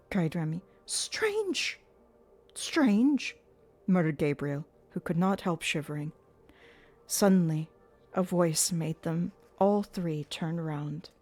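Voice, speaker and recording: A woman reading a classic novel aloud on a live stream, expressive and slipping into character voices. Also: deep voice. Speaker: audiobook reader on a live stream. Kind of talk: live audiobook narration.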